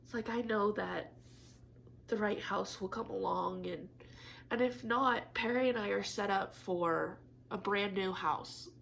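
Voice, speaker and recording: A woman's voice: medium pitch, unhurried, gravelly, fairly bright tone, slight background noise. A young woman chatting candidly to camera in a craft vlog, swearing casually and laughing often, teary and disappointed. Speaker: craft vlogger.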